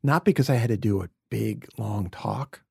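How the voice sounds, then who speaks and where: Gravelly, husky man telling heartfelt stories. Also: lowish voice, moderate pace, dry recording, studio quality. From Brooklyn. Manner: earnest, emotional storytelling with soft whispered asides. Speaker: podcast guest. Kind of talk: reflective conversation.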